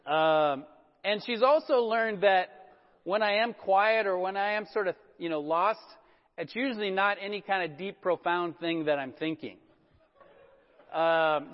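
A middle-aged male pastor giving a conversational sermon, telling relaxed, self-deprecating stories full of fillers. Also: sits high. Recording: dull sound with a long church-hall reverb.

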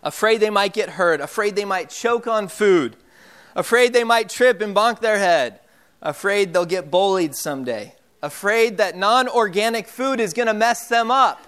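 A young man preaching with a high, smooth voice. He talks casually, full of fillers and restarts, like a pastor telling stories. The voice stays clear throughout. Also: animated, moderate pace, fairly bright tone. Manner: casual storytelling with frequent fillers. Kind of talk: sermon.

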